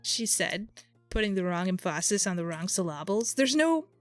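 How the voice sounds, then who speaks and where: A woman's voice: mid-range voice, big pitch swings, normal speed, no echo, soft background music. A woman streaming a game and chatting with her viewers, thinking aloud in an exasperated way. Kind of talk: casual live-stream chat while playing.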